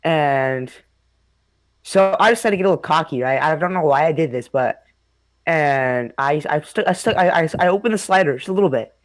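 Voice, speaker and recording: With no echo in the recording, a host speaks at a normal pace in a voice on the high side. He's a young man casually recounting a spooky childhood experience, rambling, swearing heavily and laughing a lot.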